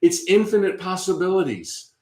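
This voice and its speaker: A man hosting a spiritual talk, conversational and encouraging, often repeating phrases softly as he guides listeners. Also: sits high, sing-song, normal speed, echoey room. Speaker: host.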